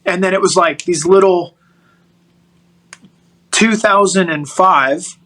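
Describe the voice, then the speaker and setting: High, bright-voiced man telling stories. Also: takes it slowly, a little hiss or hum, poor audio. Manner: animated, excitable storytelling with restarts and laughs. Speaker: guest. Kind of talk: personal storytelling in a podcast interview.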